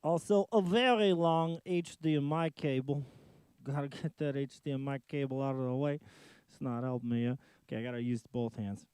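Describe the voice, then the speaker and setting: A man's voice: mid-range voice, normal speed, a little mellow, clear, resonant tone, no echo. A man casually chatting to himself during a live music stream, rambling and joking while he troubleshoots his gear in a home studio.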